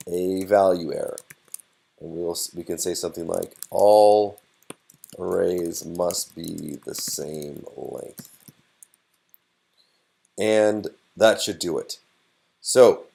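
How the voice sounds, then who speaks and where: A man's voice: low-pitched, mellow. A man teaching a programming course, explaining step by step with frequent fillers as he types. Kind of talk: screen-recorded coding tutorial.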